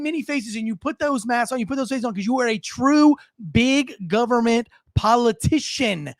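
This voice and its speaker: A man's voice: very high voice, moderate pace, few pauses, no room sound, clean studio sound. A man hosting a podcast in heated, profane commentary, repeating himself and mocking people. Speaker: podcast host. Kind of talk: ranting commentary.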